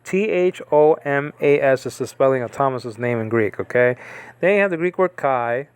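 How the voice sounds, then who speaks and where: Rambling male Greek teacher, casual online lesson, smooth clear tone, dry close recording. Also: medium pitch, animated, normal speed, no room sound. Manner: rambling, digressive, many restarts.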